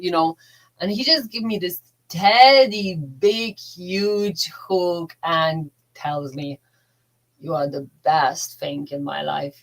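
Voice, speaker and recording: Middle-aged woman, lowish voice, heartfelt. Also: a bit bright, low-quality recording. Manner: heartfelt, halting, with broken grammar. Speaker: relationship coach. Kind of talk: emotional personal storytelling.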